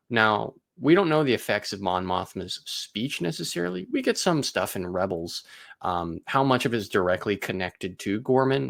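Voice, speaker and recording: A man's voice: lowish voice, vocal fry, fairly bright tone, no echo, studio quality. A man hosting a casual review discussion, talking through his points in long, analytical explanations. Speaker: podcast host.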